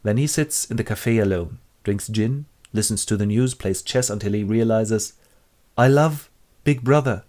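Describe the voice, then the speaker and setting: A man's voice: on the low side, moderate pace, few pauses, warm tone. A man narrating a comic book summary in a wry, playful way. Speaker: storyteller.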